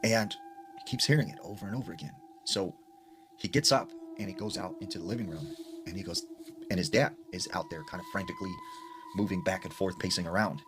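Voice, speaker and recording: A man's voice: low-pitched, expressive, brisk. A man casually retelling a scary story he heard, talking in a loose, conversational way with lots of fillers. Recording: noisy ambient recording.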